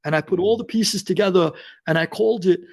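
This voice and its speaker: Brief: New man, fairly high voice, animated guest storyteller who plays out the back-and-forth. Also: vocal fry. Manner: acts out dialogue in quotes, fast and excited. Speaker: guest author.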